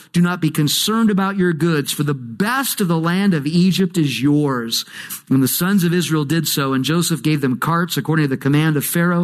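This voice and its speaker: Preacher guy, higher voice, chatty sermon with jokes and big emphasis. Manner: conversational, jokey preaching with emphatic swings. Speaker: pastor.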